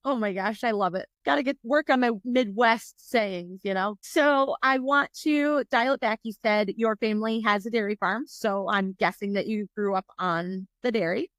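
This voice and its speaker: A woman hosting a podcast interview, bubbly and talkative with quick asides. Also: medium pitch, fairly bright tone, no room sound, clean studio sound. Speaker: podcast host.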